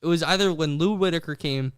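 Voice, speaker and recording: Young man with a smooth, higher voice. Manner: animated storytelling, quick bursts and restarts. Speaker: podcast co-host. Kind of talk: casual chat.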